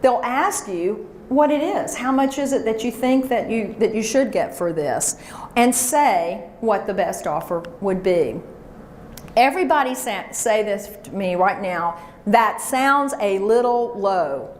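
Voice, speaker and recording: A woman's voice: mid-range voice, expressive, unhurried, a little mellow. A woman giving a motivational seminar talk, coaching her audience to repeat phrases after her. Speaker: professional speaker. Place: conference room before an audience. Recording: echoey room with faint hiss.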